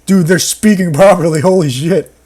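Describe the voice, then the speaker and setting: Reading a horror story out loud, a man at a moderate pace sarcastically ridicules it, breaking into laughter and outbursts. He has a high, darkish-toned voice.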